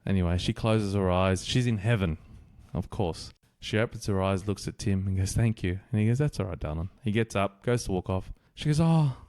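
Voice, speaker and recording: A man's voice: sits low, fairly even intonation, a little fast, few pauses, darkish tone, clear, resonant tone. An Australian man co-hosting a podcast, chatting casually and telling a joke with a laugh in his voice. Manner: jokey storyteller, laughs often. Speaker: podcast co-host.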